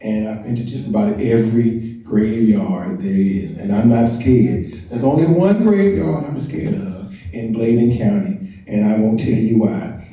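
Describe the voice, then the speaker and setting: A man's voice: fairly low pitch, a little slow, mellow. An older man, a family historian, talking casually to an audience as a guest speaker, chatty and joking with the crowd. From North Carolina and Washington, D.C. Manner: chatty, self-deprecating, jokes with the crowd. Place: large event hall. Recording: echoey hall, mic heard from a distance.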